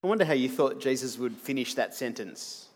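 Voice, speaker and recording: A man's voice: mid-range voice, lively intonation, brisk. A man preaching a sermon, earnest and emphatic, asking the congregation rhetorical questions.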